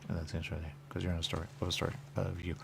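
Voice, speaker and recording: A radio host in his studio delivers a rapid-fire, completely flat monologue in a very deep, gravelly, fry-filled male voice. He rambles, repeats phrases relentlessly, and erupts into sudden loud bursts while a faint hiss sits under the recording.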